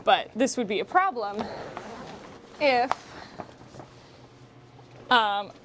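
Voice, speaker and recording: A bubbly, playful woman streams from home, her voice sitting a little high. She chats loosely on a wireless mic, swearing now and then, with a faint steady hum underneath. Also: drawn-out words. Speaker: streamer and voice actress. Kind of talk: casual live-stream chat. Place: home, in a pouring tent and around the house. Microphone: wireless mic on a receiver.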